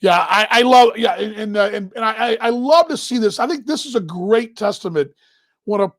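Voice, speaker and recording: A man with a high, dry voice hosts a casual baseball live stream. He rambles warmly, restarts his sentences and gets emotional. His voice sits right on a close microphone with no room sound. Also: expressive, moderate pace, no echo. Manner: rambling, emotional, talks while handling gear. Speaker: baseball broadcaster hosting a live show.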